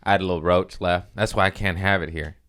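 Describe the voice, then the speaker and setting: Speaking fast with a clean, low tone, a man hosts a comedy podcast by himself on a studio mic. He rambles casually and profanely, wired on caffeine, laughing often and excitably jumping between subjects.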